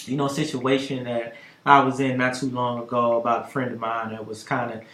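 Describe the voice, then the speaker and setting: A man telling a story on a talk show, lively, getting loud and high at dramatic moments. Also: brisk, roomy sound. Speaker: podcast host telling a story. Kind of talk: animated storytelling.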